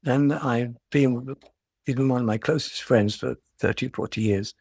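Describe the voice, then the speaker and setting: A man's voice: mid-range voice, measured pace, vocal fry, darkish tone, husky, dry recording, studio quality. An older man giving a dharma talk as a meditation teacher, reflective and storytelling, often restarting his phrases.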